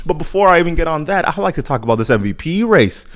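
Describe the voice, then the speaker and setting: Young American guy hosting a solo podcast, lively, casual, repeats himself for effect. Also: fairly high pitch, fast talker. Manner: animated, repetitive, playful asides. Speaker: podcast host.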